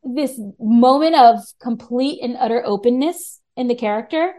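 A woman talking as a podcast guest in casual chat, animated, with frequent restarts. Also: on the high side, normal speed.

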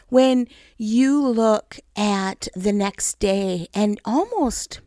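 A woman's voice: mid-range voice, lively intonation, slow pace, hardly any pauses, mellow, no room sound, studio quality. A woman vlogger talking openly and emotionally to her viewers at home, laughing at herself as she shares her faith. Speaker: Christian vlogger. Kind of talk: candid personal talk to camera. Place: home in snowy region.

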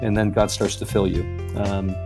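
Gravelly-voiced man telling faith stories. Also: fairly low pitch, little pitch movement, normal speed, over music. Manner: rambling storyteller, many fillers and restarts; acts out voices in anecdotes. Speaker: guest speaker. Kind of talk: conversational faith talk.

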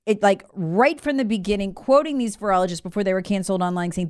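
Female talk radio host, mocking and indignant, very animated delivery. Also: mid-range voice, fast talker, smooth. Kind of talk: opinionated talk radio monologue.

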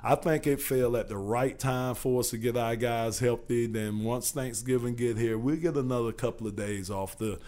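A man guesting on a sports podcast as a coach, talking in a relaxed, rambling way and repeating himself. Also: medium pitch, moderate pace, hardly any pauses. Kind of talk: casual podcast chat.

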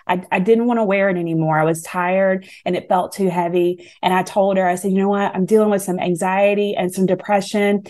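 A woman's voice: medium pitch, fairly even intonation, a little fast, hardly any pauses, darkish tone. A middle-aged woman with a Southern US accent, speaking as a guest in a faith talk interview in an earnest, encouraging, preacherly way. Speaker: guest author.

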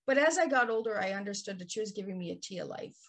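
Female guest, husky tone, earnest and heartfelt personal storytelling. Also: medium pitch, lively intonation, fairly bright tone. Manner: earnest, heartfelt, slow and deliberate. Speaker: podcast guest.

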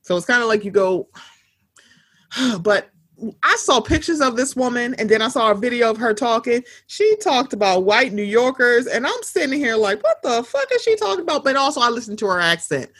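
A woman co-hosting a casual chat show, talking bluntly with plenty of swearing and animated storytelling. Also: fairly high pitch, normal speed, husky. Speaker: podcast co-host.

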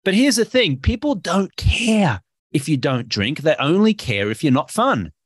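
A man with an Australian accent, speaking as a guest in an energetic, emphatic and playful interview. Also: a little high, unhurried, husky, dry recording, clean studio sound. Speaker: podcast guest, health coach.

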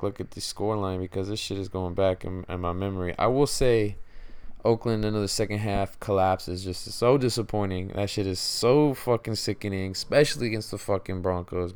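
A young podcast host rants about sports in a casual, frustrated ramble, swearing constantly and calling people "man" over and over. His lowish voice is clear and resonant.

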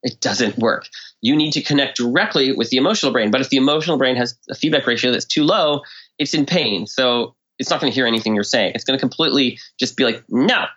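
A man as a podcast guest, explaining ideas in casual talk and often acting out quoted speech with lively swings in tone. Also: mid-range voice, fast talker, dull audio. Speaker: guest expert. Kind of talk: conversational explanation.

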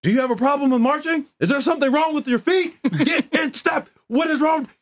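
A man impersonating a bellowing, mocking male drill instructor with a high, nasal cartoonish bark and rapid-fire orders.

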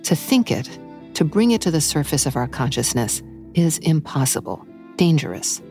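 A woman with a low voice narrates a podcast introduction in a measured, deliberate way. Soft music sits faintly under her words. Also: sing-song. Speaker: podcast host.

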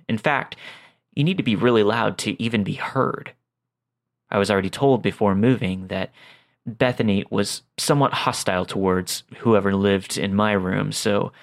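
A man reading a true creepy story aloud in a calm, low-key scripted narration. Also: gravelly.

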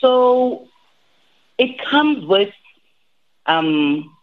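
Animated woman on a tinny line. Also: mid-range voice, extremely slow. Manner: animated, repeats and restarts, acts out quotes. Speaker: language academy teacher, guest. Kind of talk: interview answers, advice.

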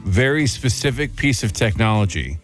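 A man with a slightly low voice co-hosts a radio morning show, telling stories in loose banter and laughing easily. He speaks into a studio mic with faint music underneath. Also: expressive, moderate pace. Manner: chatty storyteller, laughs easily.

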